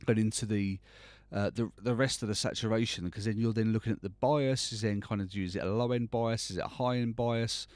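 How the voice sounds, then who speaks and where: A man's voice: fairly low pitch, steady tone, fairly quick, few pauses, a little mellow, dry recording. A man hosting a live, unscripted tutorial, thinking aloud as he works, with frequent restarts and fillers. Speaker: host demonstrating mastering software.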